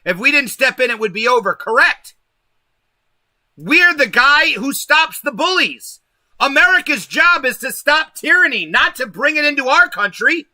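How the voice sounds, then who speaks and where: A man's voice: very high-pitched, big pitch swings, moderate pace, bright, forceful tone, dry recording. A man hosting a livestream, delivering a profane, emphatic political rant straight to his viewers. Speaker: livestream host. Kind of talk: ranting political livestream monologue.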